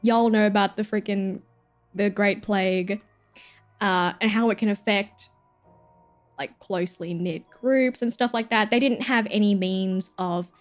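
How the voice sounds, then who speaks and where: A woman's voice: medium pitch, steady tone, measured pace. A woman streaming, chatting casually and jokily with plenty of fillers and giggles, with faint music behind her. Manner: rambling, jokey, lots of fillers and giggles.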